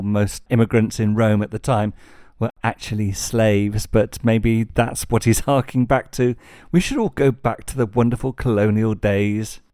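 British male podcast host, sardonic and wry, mid pitch, dry close recording. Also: darkish tone, no room sound. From Britain. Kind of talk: satirical political commentary. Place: home in Spain.

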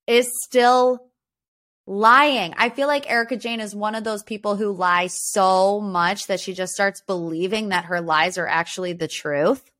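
A woman's voice: mid-range voice, sharp tone. Sarcastic, opinionated woman podcast host. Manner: sarcastic and opinionated, many rhetorical questions; chatty, frequent "you know" and "like". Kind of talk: casual pop-culture commentary.

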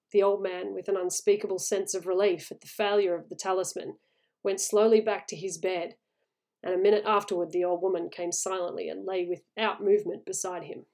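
A woman reading a horror short story aloud in a measured, suspenseful way. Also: medium pitch, darkish tone.

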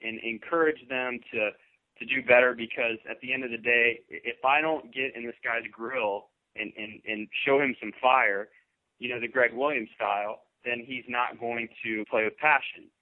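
A man co-hosting a casual podcast chat, speaking thoughtfully and haltingly, often restarting phrases. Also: medium pitch, fairly even intonation. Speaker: podcast co-host. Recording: tinny phone-line sound.

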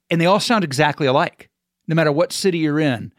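A man co-hosting a podcast, telling stories in a lively, casual way. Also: a little high, fairly quick, smooth, no room sound, clean studio sound. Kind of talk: casual chat.

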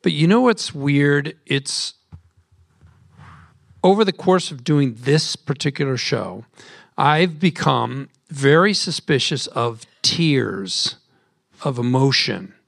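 A man's voice: mid-range voice, expressive, slow, creaky, fairly bright tone, no room sound, clean studio sound. A man actor on a panel, talking reflectively and thinking aloud about his work. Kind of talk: panel conversation.

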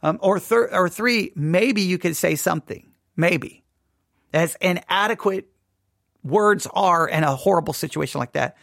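A man, a pastor, talking through a personal update in an earnest, halting way, often repeating words as he searches for them. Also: high voice, gravelly, fairly bright tone, dry recording, studio quality. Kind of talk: personal podcast monologue.

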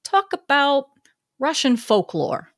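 A woman's voice: high-pitched, big pitch swings, slow, no room sound, clean studio sound. A woman co-hosting a podcast in casual chat, laughing often as she retells stories. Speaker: podcast co-host.

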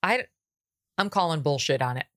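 A woman's voice: deep voice, expressive, normal speed, fairly bright tone, dry recording, clean studio sound. A woman hosting an interview podcast, talking bluntly and emphatically with an incredulous edge. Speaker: podcast host.

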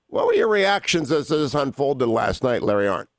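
A male radio talk show host with a mid-range voice, recorded dry and close in the studio. He opens with booming, theatrical greetings, then steers the interview with long, wordy questions. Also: big pitch swings, normal speed, no echo.

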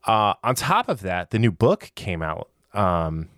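A man's voice: deep voice, very animated, unhurried, fairly bright tone, no echo, clean studio sound. A man hosting a podcast in casual chat, rambling and joking with frequent restarts. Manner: joking, rambling, self-interrupting. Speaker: podcast host.

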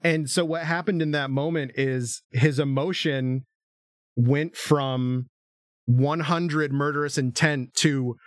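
An excitable man co-hosting a podcast, laughing and swearing as he recaps the show. His voice sits slightly high. The sound is close and dry, with no room echo. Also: takes it slowly. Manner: excited, laughing, swears a lot, acts out quotes. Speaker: podcast co-host. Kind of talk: casual chat.

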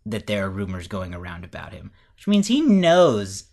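A man's voice: on the low side, sing-song, moderate pace, vocal fry, a little mellow. A man in a casual conversation about a movie, hesitant and full of fillers as he pushes back on the other side.

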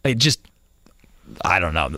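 A man's voice: sits low, a little slow, no echo, clean studio sound. A man hosting a sports radio show, chatting casually and acting out quotes as he tells a story. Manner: animated storyteller, acts out deadpan quotes.

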